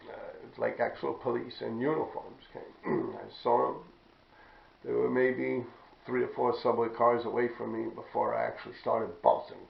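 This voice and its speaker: Gravelly New man, rough storyteller. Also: medium pitch, level tone, normal speed. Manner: profane, rambling, clears throat often. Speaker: graffiti writer telling stories. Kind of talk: casual storytelling. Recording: roomy, dull lo-fi recording.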